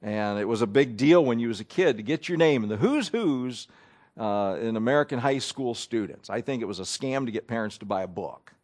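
A man's voice: medium pitch, lively intonation, fairly quick, darkish tone. A man preaching a sermon in a conversational way, asking his listeners questions as he reads and explains scripture.

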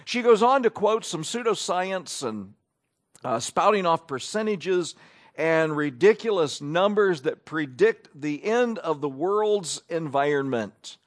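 A male pastor preaching a sermon in a conversational, sardonic way. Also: high-pitched.

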